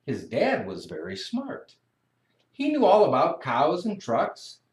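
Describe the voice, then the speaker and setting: A storyteller reading a children's picture book aloud in a slow, expressive, sing-song way. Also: mid-range voice, creaky. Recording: echoey room.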